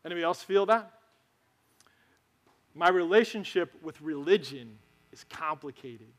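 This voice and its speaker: High-voiced man preaching casually. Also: expressive, a little slow. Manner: conversational, storytelling, asks the crowd questions. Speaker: pastor. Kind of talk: sermon. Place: church sanctuary.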